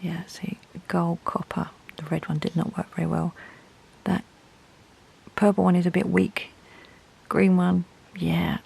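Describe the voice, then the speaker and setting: A woman's voice: on the low side, level tone, a little slow, creaky, pauses often, mellow, husky, poor audio. A woman, chatting casually and thinking aloud as she reviews art supplies.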